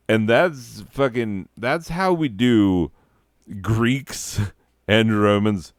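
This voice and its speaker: Low-voiced, rambling, profane comedy host. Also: male voice, extremely slow, no echo, clean studio sound. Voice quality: profane, rambling, self-interrupting.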